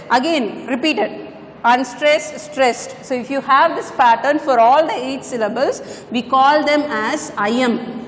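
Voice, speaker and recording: A high-voiced woman explains a poem like a classroom teacher, going back over points and correcting small slips. The room is echoey, with a long reverb tail and a faint hiss underneath. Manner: patient, repeats points, corrects herself. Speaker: English teacher. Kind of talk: classroom lecture on poetry.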